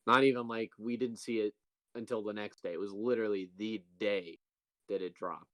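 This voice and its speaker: A man's voice: fairly low pitch, fairly even intonation, normal speed, no room sound. A man co-hosting a casual podcast, telling a rambling story with plenty of fillers. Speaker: podcast co-host. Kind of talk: casual chat.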